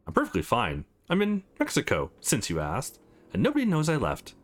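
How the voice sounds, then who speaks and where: A man's voice: medium pitch, huge pitch swings, a little fast. A man reading a sly, coolly dismissive woman. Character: sly middle-aged woman fleeing abroad.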